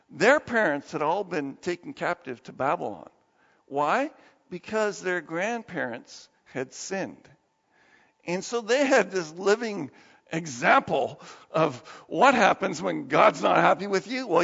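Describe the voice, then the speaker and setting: Male pastor, sermon, lively swooping voice, gravelly edge, dull recording with long hall reverb. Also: on the high side. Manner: animated, acts out quoted voices.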